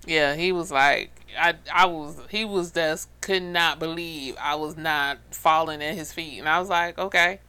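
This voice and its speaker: A woman co-hosting a casual podcast chat, telling animated stories and acting out other people's lines. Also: sits low, unhurried, hardly any pauses, clear, resonant tone. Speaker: podcast co-host.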